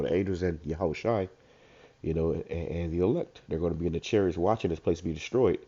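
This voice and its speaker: A man with a stuffed-up voice who reads verses slowly, then comments on them in casual slang. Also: low voice, warm tone. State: congested, stuffed up. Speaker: street preacher. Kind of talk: informal scripture commentary. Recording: dull lo-fi recording.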